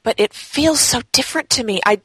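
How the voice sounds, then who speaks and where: Woman, podcast co-host, casual chat, slightly high voice, dry recording. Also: fairly quick, bright, forceful tone, husky, no echo, low-quality recording. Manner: chatty, laughs easily. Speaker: game blog writer. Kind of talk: casual chat about games.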